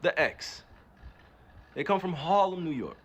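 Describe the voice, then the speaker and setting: Animated man firing off rhetorical questions. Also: fairly high pitch, a little slow. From New Jersey, USA. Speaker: livestreamer. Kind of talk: casual livestream chat.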